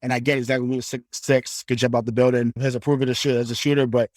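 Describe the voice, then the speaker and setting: A man co-hosting a casual sports podcast, animated and profane, climbing into loud rants. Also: mid-range voice, fast talker, no room sound, clean studio sound. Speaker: podcast co-host.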